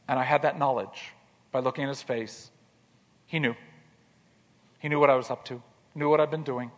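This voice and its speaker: A man telling a personal story in an earnest way, repeating words as he starts and going quiet in tender moments. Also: fairly high pitch, brisk, long pauses, big-room sound. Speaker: speaker telling his life story.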